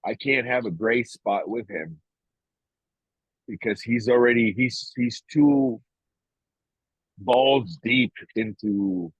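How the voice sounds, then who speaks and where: A man's voice: mid-range voice, slow pace, long pauses, breathy edge, no echo. A man talking casually on a podcast, blunt and profane, often emotional and restarting his sentences. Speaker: podcast co-host. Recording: dry, tinny phone-like sound.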